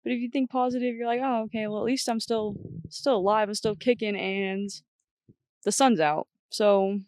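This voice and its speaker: A woman's voice: medium pitch, steady tone, normal speed, a little mellow, dry recording, studio quality. A young woman guest on a podcast, talking bluntly and chattily, often quoting herself. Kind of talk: casual chat.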